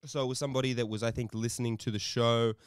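A man co-hosting a podcast, telling a story in animated, casual chat, swearing often and laughing a lot. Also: mid-range voice, rapid-fire, clean tone, no echo, studio quality. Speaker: podcast co-host.

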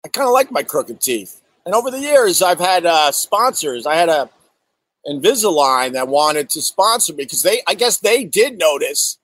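Animated, profane man telling stories. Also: on the high side, moderate pace, low-quality recording. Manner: animated, profane, acts out exaggerated quotes; reads and answers viewer chat. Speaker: comedian host. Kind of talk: casual storytelling monologue. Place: outdoors in bright sun.

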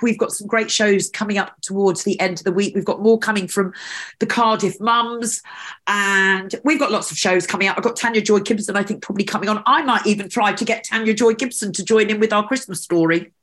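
A woman's voice: mid-range voice, brisk, fairly bright tone. A woman hosting a casual podcast interview, chatty and effusive. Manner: chatty and effusive, laughing often. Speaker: podcast host.

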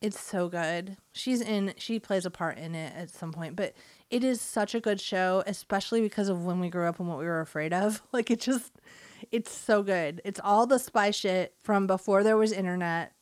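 A woman's voice: medium pitch, normal speed, dry recording. A woman co-hosting a podcast, chatting casually in a playful, teasing way and laughing often. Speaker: podcast co-host.

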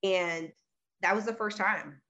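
A woman in her thirties candidly telling a personal story in conversation, earnest, with quick bursts and many fillers. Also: medium pitch, fairly bright tone, lo-fi sound. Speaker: guest sharing her story.

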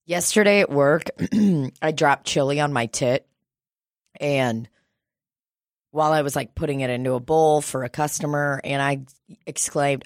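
A woman's voice: low voice, measured pace, dry recording, studio quality. A woman chatting casually, swearing freely, laughing often and acting out what people said. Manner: crude, laughs often, acts out quotes. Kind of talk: casual chat.

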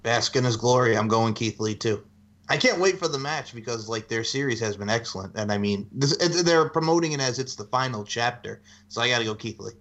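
A man's voice: medium pitch, fairly quick, fairly bright tone. A man co-hosting a wrestling podcast in casual chat, who laughs often and talks animatedly. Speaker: podcast co-host.

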